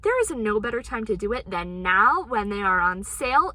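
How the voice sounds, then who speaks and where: A woman's voice: medium pitch, normal speed, over music. A woman recording a casual book-shopping vlog voiceover, chatty and upbeat, her voice a little sick from a cold. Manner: chatty and upbeat, excited gasps. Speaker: book vlogger. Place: recorded at home after the shopping. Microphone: voiceover mic.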